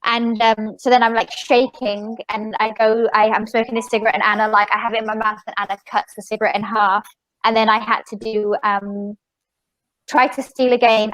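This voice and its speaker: A woman magician and podcast guest, telling a story in a rambling, animated way with many fillers and restarts. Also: fairly high pitch, brisk, no echo, poor audio. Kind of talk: casual storytelling interview.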